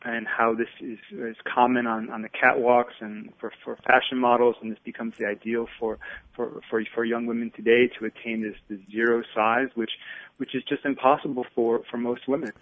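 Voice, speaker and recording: Male phone-in guest, measured and halting, tinny phone-line audio, dry. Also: medium pitch, flat delivery, dry recording. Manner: thoughtful, stammering restarts. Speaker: guest expert. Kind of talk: radio interview.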